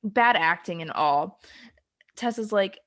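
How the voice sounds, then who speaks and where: A woman's voice: medium pitch, animated, takes it slowly, a bit bright. Young adult woman, podcast co-host, casual chat, rambling recap, lots of ums, giggly.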